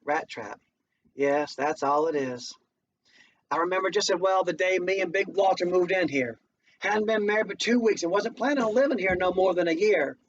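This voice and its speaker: A man voicing a devout, weary older mother who speaks in a slow, folksy dialect. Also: high voice. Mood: wistful. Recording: distant muffled home recording, faint noise.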